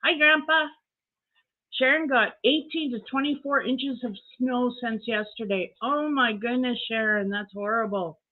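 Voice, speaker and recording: A woman's voice: fairly high pitch, measured pace. Canadian woman, live stream host, chatty, greets viewers by name, thin phone-like sound. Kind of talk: casual live chat. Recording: tinny phone-like audio.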